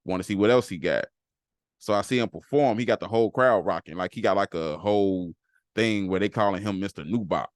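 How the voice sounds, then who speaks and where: A man's voice: on the low side, fairly quick, dry recording, studio quality. A man hosting a casual solo podcast, talking loosely and repeating phrases for emphasis. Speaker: podcast host.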